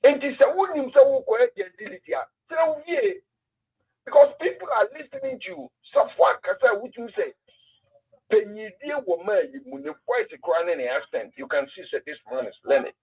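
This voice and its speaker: A man's voice: very high-pitched, sing-song, a little fast, slightly rough, lo-fi sound. A man with a Ghanaian accent hosting a casual political talk stream, emphatic and repeating words for effect. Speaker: political commentator host.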